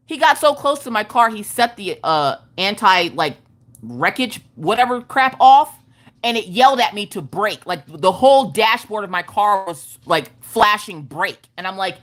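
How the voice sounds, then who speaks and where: Animated woman telling a story. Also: on the high side, moderate pace. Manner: animated, profane, emphatic storytelling. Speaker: craft livestream host. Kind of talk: casual storytelling chat.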